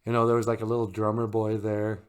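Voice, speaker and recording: A man's voice: lowish voice, completely flat delivery, quick pace, clear, resonant tone. Laid-back man telling a comic story. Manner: laid-back, joking, lots of fillers and chuckles.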